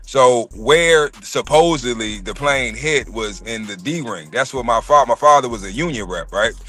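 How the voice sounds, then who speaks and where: A man in his thirties telling a personal story in casual chat, profane and animated. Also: mid-range voice, normal speed. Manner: profane, animated storytelling, acts out quoted voices.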